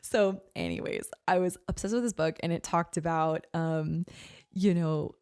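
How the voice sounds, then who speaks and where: A woman in her thirties telling a personal story as a podcast guest, earnest and animated, with lots of "like" and "you know.". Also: fairly low pitch, unhurried, smooth, dry recording, studio quality. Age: 30s.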